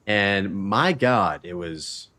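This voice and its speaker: A man's voice: lowish voice, expressive, very slow, bright, forceful tone. A man hosting a live stream, chatting loosely and swearing freely while he plays a game and talks about his podcast. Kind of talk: casual live-stream chat while gaming.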